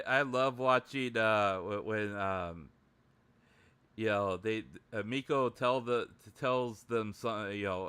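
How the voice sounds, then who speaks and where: Man streamer, casual chat, very slow, bright tone, laughs a lot. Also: on the low side, smooth. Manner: halting, laughs often, many restarts.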